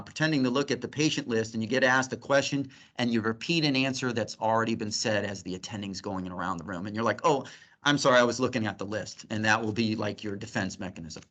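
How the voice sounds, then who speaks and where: Middle-aged male doctor, teaching tone, keeps it light and funny. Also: mid-range voice. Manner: lively, joking teaching tone. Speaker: physician lecturer. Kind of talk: grand rounds lecture.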